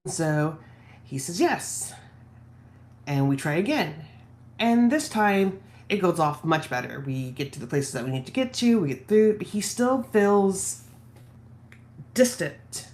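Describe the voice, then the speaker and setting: Woman, low voice, candid, reflective, personal storytelling vlog. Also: expressive, slow, pauses often, a little mellow. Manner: candid, reflective, quotes husband in her own voice. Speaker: vlogger. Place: at home office.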